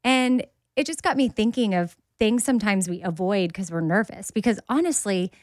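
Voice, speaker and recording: A woman in her forties hosts a podcast and tells a personal story in an open, candid way. Her voice sits at a middle pitch and sounds close and dry, with no room around it. She lifts her voice to act out what other people said. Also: normal speed, no echo. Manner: candid, animated, acts out quoted voices. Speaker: podcast host.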